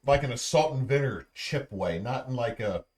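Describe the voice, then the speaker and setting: A man's voice: medium pitch, expressive, moderate pace. A young man on a casual stream, bluntly grumbling about what he tastes. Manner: blunt, grumbling, loud complaints. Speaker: streamer co-host.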